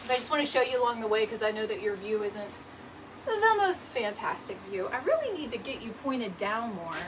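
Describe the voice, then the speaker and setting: A middle-aged woman with a drawl chats away as she crafts, laughing freely and tossing in "y'all." Her voice sits a little high and sounds a step back from the mic. A steady hum of room noise runs underneath. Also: fairly quick, distant mic. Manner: chatty, laughs often, says "y'all" and "right?". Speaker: DIY decor host. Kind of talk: casual livestream chat while crafting.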